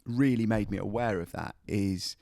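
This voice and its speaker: A man co-hosting a podcast, chatting casually and joking with quick laughs about life as a touring musician. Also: fairly low pitch, gravelly, darkish tone, no room sound, studio quality. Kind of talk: casual chat.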